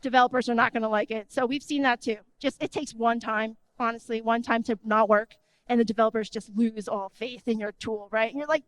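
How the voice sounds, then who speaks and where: Woman, high voice, dry close sound, energetic conversational conference speaker. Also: brisk, no room sound. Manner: energetic, conversational, often asks the audience "right?". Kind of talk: conference talk. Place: conference stage.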